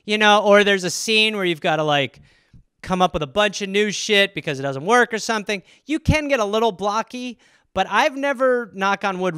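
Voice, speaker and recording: A man hosting a comedy podcast, riffing alone in a rambling, profane, animated way. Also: high-pitched, clear, resonant tone, dry recording, studio quality.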